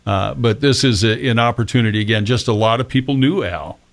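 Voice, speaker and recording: A man's voice: mid-range voice, a little fast, creaky. A man hosting a local radio interview, asking rambling questions with fillers. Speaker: radio host.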